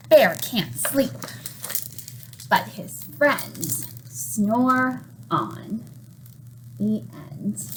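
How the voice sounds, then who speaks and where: A woman's voice: high voice, poor audio. A young woman, a children's librarian, reading a picture book aloud and asking the children questions. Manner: warm, encouraging, asks children questions. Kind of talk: children's storytime read-aloud.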